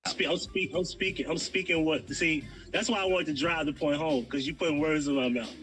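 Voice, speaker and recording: Insistent man, higher tone, bright and forceful delivery. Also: brisk, soft background music, poor audio. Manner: insistent, pushing to finish his point. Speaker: guest arguing a theory. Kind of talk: heated debate on a livestream.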